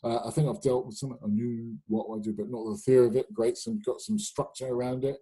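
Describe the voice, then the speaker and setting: Chatty man with a dark, husky voice. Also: mid-range voice, a little fast, low-quality recording. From United Kingdom. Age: middle-aged or older. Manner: chatty and anecdotal, with many fillers and restarts. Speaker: sales trainer hosting a webinar. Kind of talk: live webinar talk. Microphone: webinar microphone.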